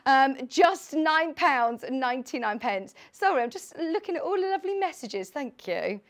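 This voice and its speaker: A young woman in her late twenties hosts a live sewing shopping broadcast from a TV studio. Her voice sits a little high, and she talks in an excitable, chatty way, rambling warmly between product details. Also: normal speed. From United Kingdom. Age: late 20s. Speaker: shopping channel presenter.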